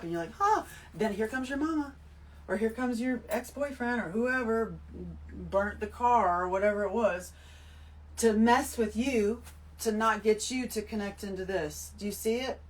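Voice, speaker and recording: A woman giving an emphatic, animated spiritual talk to her listeners, full of swearing. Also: medium pitch, far from the mic, poor audio. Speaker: host. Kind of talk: spiritual monologue to camera.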